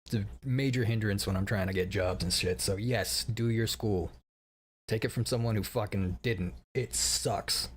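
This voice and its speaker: A man's voice: mid-range voice, slight background noise. Swearing, laughing male streamer. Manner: profane, laughing, rambling. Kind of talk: casual stream update.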